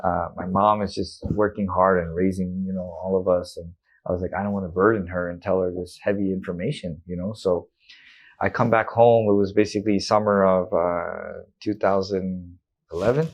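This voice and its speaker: A man's voice: deep voice, steady tone, moderate pace. A man in his thirties, a guest in an interview, candidly retelling a personal story with emotion and quoted dialogue.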